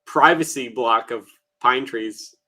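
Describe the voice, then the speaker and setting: Bright-voiced Canadian man, crude and joking. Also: mid-range voice, slow pace. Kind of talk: casual podcast chat.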